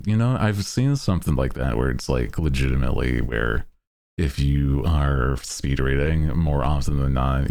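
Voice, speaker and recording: A young man streaming, chatting casually with viewers in a laid-back, rambling way, laughing often. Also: a little mellow. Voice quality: very deep.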